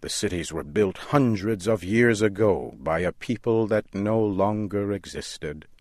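Deep, slow-reading male narrator. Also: dry recording, clean studio sound. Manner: slow, measured, deliberate delivery. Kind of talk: scripted story narration.

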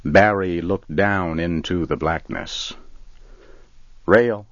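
A man reading a story aloud in a calm, measured way, in a dull lo-fi recording. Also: deep voice, no room sound. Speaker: narrator.

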